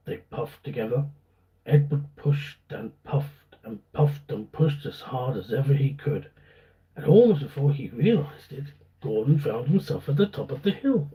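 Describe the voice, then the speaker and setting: A man narrating a children's storybook aloud on a livestream, unhurried and animated. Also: medium pitch, narrow, tinny audio.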